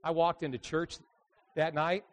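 Animated preacher man telling stories. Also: on the high side, unhurried. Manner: animated storyteller, swings between quiet asides and loud emphatic bursts. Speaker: evangelist preacher. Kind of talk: sermon with storytelling.

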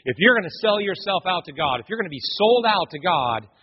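A man preaching a sermon as a pastor, dramatic and animated, acting out quoted voices. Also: high-pitched, fairly quick, husky. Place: church sanctuary. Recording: muffled, long hall reverb.

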